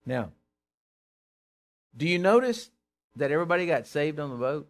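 A man preaching a conversational sermon, reading scripture aloud and commenting with animated asides and repeated words. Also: on the high side, normal speed, pauses often.

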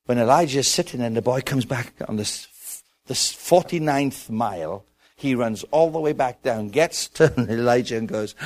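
A man with an Irish accent preaching a sermon, acting out a story with lively dialogue and building to shouts. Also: mid-range voice.

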